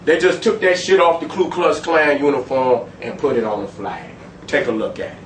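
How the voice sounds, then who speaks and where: A man lecturing an audience in a profane, emphatic street style, swinging between loud and low. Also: steady tone, moderate pace, roomy sound, distant mic, slight background noise, poor audio. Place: room with a live audience.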